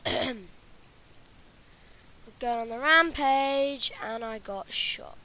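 A woman's voice: fairly high pitch, slow pace, bright, forceful tone. A woman talking over her gameplay in a rambling way, often dropping into whispers. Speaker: gaming channel host. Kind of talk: gameplay commentary.

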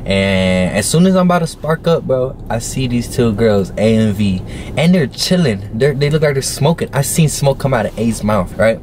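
A man's voice: medium pitch, animated, normal speed, darkish tone, a little hiss or hum. A young man casually telling a story to camera, slangy and profane, with plenty of fillers. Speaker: vlogger.

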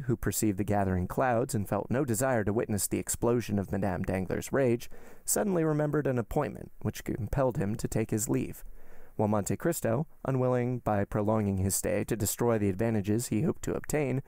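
A man hosting a podcast, reading a classic novel aloud in a steady storytelling manner. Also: fairly low pitch, moderate pace, vocal fry, dry recording, clean studio sound. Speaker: podcast host and reader. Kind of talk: audiobook narration of a classic novel.

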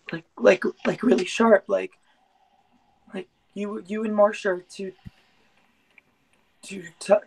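A teenage student actress reading a shy, timid greaser boy, halting and stammering softly. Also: mid-range voice, vocal fry, heavily acted, rough recording. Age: teens. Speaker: student actor. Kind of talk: school play read over a video call.

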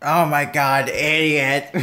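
Very slow-talking swearing reaction host. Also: mid-range voice, fairly even intonation, bright, forceful tone, slight background noise. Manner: mocking, laughs often, swears; doing a put-on voice. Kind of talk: profane reaction commentary. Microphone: headphones with a desk mic.

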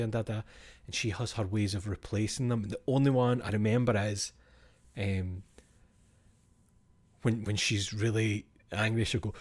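Steady in tone and moderate in pace, this Scottish streamer's fairly low, slightly mellow voice carries a casual conversation with his live chat. He speaks bluntly, swears freely, and slips in chuckling asides.

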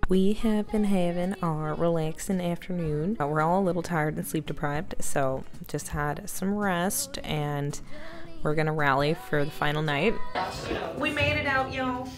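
A young woman chatting casually to the camera on a trip with friends, relaxed and playful. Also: low-pitched, moderate pace. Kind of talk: casual vlog chat. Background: background music.

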